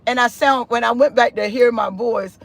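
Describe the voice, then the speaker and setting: A woman in an animated spiritual testimony on a live stream, chatty and expressive, often calling the listener "honey" and "sis". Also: normal speed, no room sound. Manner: expressive and chatty, with big pitch swings and laughter; loose conversational speech with frequent "honey" and "sis".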